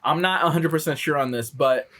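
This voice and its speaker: A man's voice: a little high, a little fast, pushed and bright, slight background noise. A man co-hosting a podcast in casual chat, hesitant, with many fillers and restarts. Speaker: podcast co-host.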